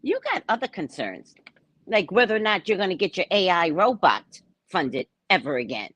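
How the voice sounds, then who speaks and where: A woman's voice: on the low side, very animated, normal speed, fairly bright tone, slightly rough, dry recording. A woman from New York, a psychic tarot reader, chatting sarcastically through a live-stream reading and laughing at her own jokes.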